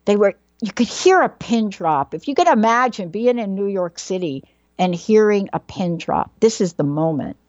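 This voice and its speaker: A woman's voice: medium pitch, lively intonation, normal speed, a little mellow, no echo, lo-fi sound. Woman telling a dramatic personal story. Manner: dramatic, building suspense with questions and repetition.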